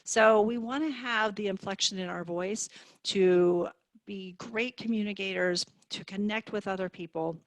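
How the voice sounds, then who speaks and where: A woman speech therapist teaching on a video call, in a clear and encouraging manner. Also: mid-range voice, a little slow, no echo. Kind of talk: online therapy demonstration.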